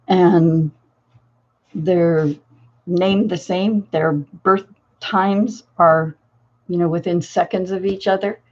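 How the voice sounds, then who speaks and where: A woman's voice: on the low side, a little mellow, lo-fi sound. An older woman, a grandmother and crafting channel host, telling a family story in a casual, rambling way full of fillers and restarts.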